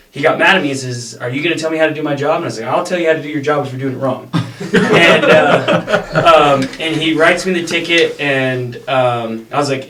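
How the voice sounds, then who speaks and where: A man's voice: medium pitch, a bit bright. A middle-aged man telling long, rambling stories in casual chat as a podcast guest, laughing now and then. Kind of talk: casual storytelling. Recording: roomy echo, a bit far from mic.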